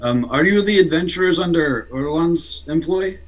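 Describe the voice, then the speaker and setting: A man voicing a polite, slightly halting potion-selling cleric in a put-on Russian accent. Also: on the high side, pitched above the performer's own voice, close to an everyday voice, low-quality recording. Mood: inquiring.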